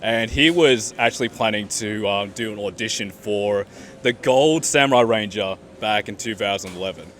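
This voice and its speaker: A man's voice: on the low side, moderate pace, a bit bright, a little hiss or hum. A man with an Australian accent interviewing an actor, eager and chatty with rambling asides. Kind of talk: casual interview questions.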